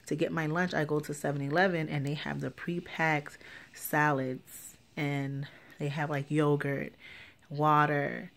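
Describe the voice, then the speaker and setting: A woman's voice: low-pitched, measured pace, gravelly. A pregnant young woman vlogging a casual story time, ranting with lots of swearing and acting out the people she quotes. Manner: animated, profane ranting with lively quoted dialogue.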